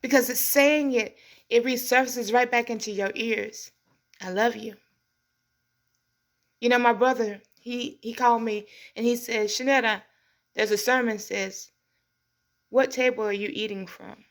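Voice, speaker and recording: A middle-aged woman hosts a community show with an earnest, heartfelt delivery. She speaks like a preacher, and her voice sits a little higher than most. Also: steady tone, measured pace, pauses often. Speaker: host. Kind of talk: inspirational monologue.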